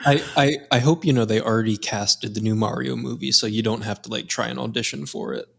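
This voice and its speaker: Husky gravelly man cracking jokes. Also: medium pitch, brisk. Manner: wisecracking, deadpan jokes. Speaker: podcast co-host. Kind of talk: casual podcast chat.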